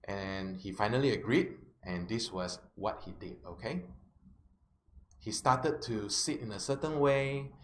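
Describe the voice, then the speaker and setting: A man's voice: fairly low pitch, unhurried. A man, a life coach telling a client story as a self-help lesson, often checking in with his listeners. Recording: roomy with faint background noise.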